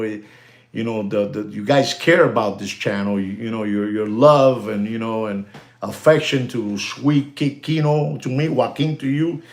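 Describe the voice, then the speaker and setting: A man hosting a live stream, excitable and animated, thanking viewers and mixing in exclamations. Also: medium pitch.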